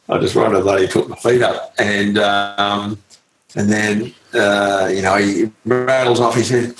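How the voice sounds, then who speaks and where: A man, a retired cyclist, telling a story in a halting way with lots of fillers and salty slang. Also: lowish voice, flat delivery, fairly bright tone, a little hiss or hum. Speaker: retired pro cyclist, guest. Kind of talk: casual storytelling interview. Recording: roomy echo, faint ambience.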